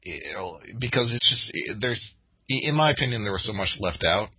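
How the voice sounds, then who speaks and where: Low husky guy rambling on a podcast, lots of uhs and you knows, dull dry sound. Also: lively intonation, moderate pace, no echo. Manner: hesitant, lots of fillers and restarts. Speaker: podcast co-host. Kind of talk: casual chat.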